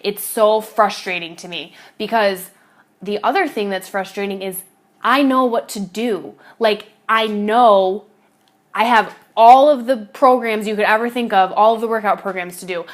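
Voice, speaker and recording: A woman's voice: mid-range voice, moderate pace. A woman fitness coach talking to camera in a casual confessional vlog, rambling with fillers and restarts and swearing casually.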